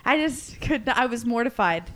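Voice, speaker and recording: A woman co-hosting a podcast in casual chat, telling animated, self-deprecating stories. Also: on the high side, moderate pace. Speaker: podcast co-host.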